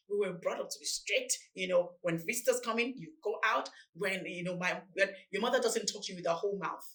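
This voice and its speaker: A woman's voice: mid-range voice, brisk, few pauses, far from the mic, rough recording. A woman in her forties with a Nigerian accent, answering interview questions about parenting in a reflective, earnest way. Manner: earnest, animated storytelling.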